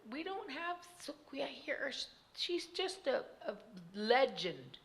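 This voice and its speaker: A woman's voice: high voice, sing-song, slow, voice pushed up, exaggerated voice. A woman voicing a group of dismissive young children who scoff at a warning in a raised voice.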